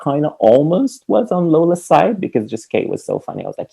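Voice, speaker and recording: Gravelly-voiced man chatting about films. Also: on the high side, brisk, rough recording. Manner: animated, laughs often, many fillers. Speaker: podcast co-host. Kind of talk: casual film discussion.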